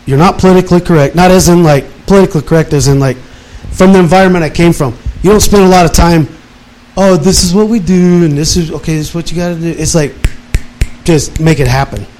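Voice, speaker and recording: A man in his fifties, retired from military service, tells his life story in casual, animated talk and acts out his own past words. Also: on the high side, fast, poor audio. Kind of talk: casual personal testimony.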